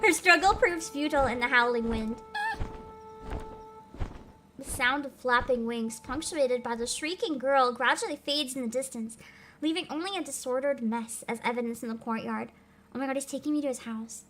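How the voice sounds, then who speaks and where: A young woman streaming a game, reading its text aloud and gushing excitedly between lines with frequent giggles. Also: sits high, moderate pace, over music. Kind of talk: game livestream, reading and reacting.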